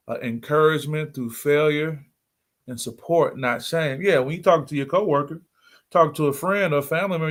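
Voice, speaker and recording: A middle-aged man hosting a motivational livestream, speaking earnestly and repeating key points for emphasis. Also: fairly high pitch. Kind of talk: motivational talk.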